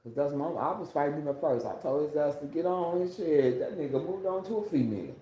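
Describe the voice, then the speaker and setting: A man with a warm, higher-leaning voice rants animatedly and briskly on a casual livestream, talking into a phone. He rambles, swears a lot and repeats himself, and the room sounds echoey.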